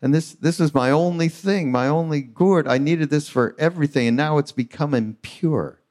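A man's voice: medium pitch, sing-song, normal speed, mellow, pitched above the performer's own voice. A man voicing a devout wandering male ascetic who pleads and rages, performed on a live retreat stage. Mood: outraged. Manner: pleading, then outraged.

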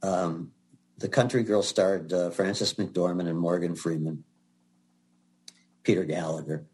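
A man's voice: sits low, steady tone, unhurried, a little mellow. An older man, a guest actor, telling chatty anecdotes in an interview with laughs and restarts. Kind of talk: storytelling in an interview.

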